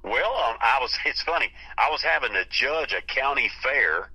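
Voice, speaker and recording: A man's voice: medium pitch, animated, moderate pace, pushed and bright, slightly rough, low-quality recording. A man of around sixty from North Carolina, a singer guesting on a radio interview, telling laid-back stories and laughing easily. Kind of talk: casual radio interview chat.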